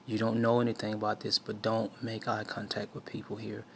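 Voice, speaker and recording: A man's voice: lowish voice, monotone, a little fast, a little hiss or hum. A man from the southern United States telling a personal testimony in a preaching tone, with many restarts and fillers. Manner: storytelling with many restarts and fillers, acts out quotes. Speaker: speaker sharing a life lesson.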